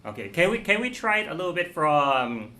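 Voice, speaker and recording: Halting man teaching a cello masterclass. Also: on the high side, big pitch swings, sharp tone. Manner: patient, halting, many restarts and "okay"s. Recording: roomy echo.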